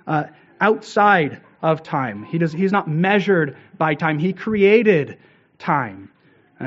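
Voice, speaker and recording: A man preaching a sermon, earnest and steady, with frequent "uh" fillers and rhetorical "right?" checks to the congregation. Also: high voice, highs cut off. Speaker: pastor.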